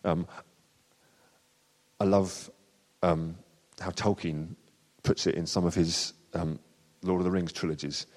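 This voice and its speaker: A male preacher giving a sermon in a chatty, unscripted manner. His voice sits very low. The long reverb of a church hall follows every phrase. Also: fairly even intonation, slow, a little mellow. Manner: conversational, with frequent fillers and restarts.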